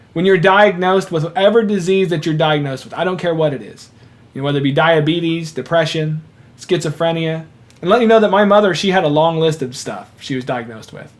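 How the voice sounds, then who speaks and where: High-voiced man preaching with earnest urgency. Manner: earnest, exhorting, repeats phrases for emphasis. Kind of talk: informal sermon.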